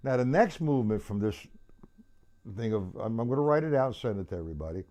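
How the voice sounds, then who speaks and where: A man teaches a live-streamed drum lesson, speaking fast at medium pitch with lively intonation. He's chatty and loose, counting beats aloud as he plays, with a loud drum kit behind his voice.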